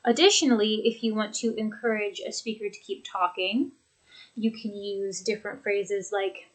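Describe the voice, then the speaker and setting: A woman's voice: medium pitch, poor audio. Woman teaching English intonation. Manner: clear, deliberate, demonstrating intonation examples. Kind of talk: recorded lesson. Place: home office with a computer.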